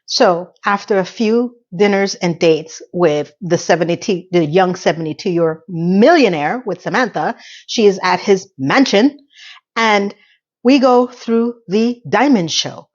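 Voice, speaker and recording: A woman's voice: medium pitch, animated, a little slow, dull audio. A middle-aged woman hosting a casual TV recap, talking in a candid, chatty and blunt way. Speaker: TV recap host.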